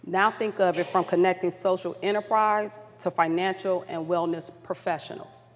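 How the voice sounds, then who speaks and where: A woman's voice: on the low side, steady tone, moderate pace. A woman facilitator leading an audience through polling questions at a community summit, upbeat and encouraging. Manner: upbeat, encouraging, apologetic when flustered. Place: large conference hall. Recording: long hall reverb.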